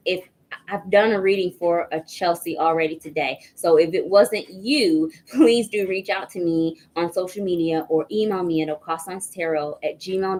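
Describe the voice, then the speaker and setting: A woman's voice: on the low side, slight background noise, poor audio. A woman hosting a live tarot reading stream, greeting and thanking viewers by name in a chatty way, with frequent "um"s. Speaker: tarot reader hosting a livestream.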